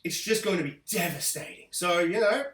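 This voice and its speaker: A man giving an excitable, gushing TV episode review, laughing often and dropping into voices to quote characters. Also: high voice, a little fast, recorded from a distance. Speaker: TV review host. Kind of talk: enthusiastic spoken TV review. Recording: roomy echo, a bit off-mic.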